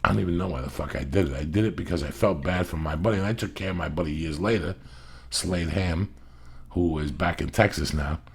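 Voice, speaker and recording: A middle-aged man with a gravelly, husky voice that sits fairly low, talking in a casual podcast chat. He rambles through his stories, swears constantly and hammers home every point. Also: brisk. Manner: profane, rambling, emphatic storyteller. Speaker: podcast host.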